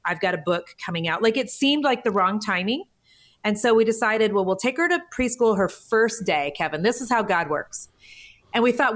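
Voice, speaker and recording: A woman's voice: medium pitch, lively intonation, fairly quick, a bit bright. Emotional, earnest woman in her forties. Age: 40s. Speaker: podcast guest. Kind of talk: conversational interview.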